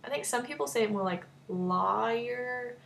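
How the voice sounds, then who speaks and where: A woman's voice: fairly high pitch, animated, racing, vocal fry. A young woman with a North Texas accent chatting casually in a vlog, with many fillers and small laughs. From North Texas, USA. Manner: chatty, giggly, lots of fillers and likes. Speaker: vlogger. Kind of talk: casual chat.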